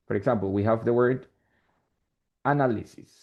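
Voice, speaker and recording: A Spanish-accented man with a medium-pitched voice teaches an English lesson at a moderate pace, explaining step by step and often checking in with "right?". The classroom recording sounds dull and lo-fi.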